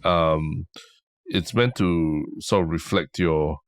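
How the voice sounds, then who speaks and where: A man's voice: low-pitched, slow, no echo, clean studio sound. A man with a Singaporean accent hosting a casual podcast, asking questions and murmuring along attentively. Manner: attentive, frequent murmured backchannels. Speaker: podcast host.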